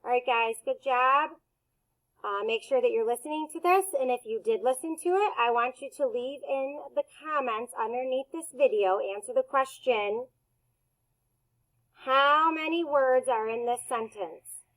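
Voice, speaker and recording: A woman teacher leading a phonics lesson for young children, speaking in slow, clearly enunciated word drills with a cheerful, encouraging tone. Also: sits high, a bit bright, low-quality recording.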